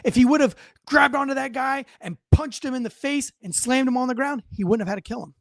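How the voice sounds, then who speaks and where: A man's voice: extremely high pitch, fairly quick, gravelly, dry recording. Man, police officer, host, casual interview, blunt, profane, dry sound. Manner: explains with analogies, asks leading questions.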